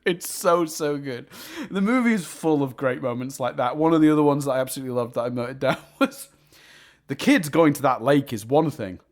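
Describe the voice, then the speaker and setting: A man's voice: medium pitch, a little fast. A man co-hosting a podcast, chatting casually about a film and laughing as he retells jokes. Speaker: podcast co-host. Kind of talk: casual film review chat.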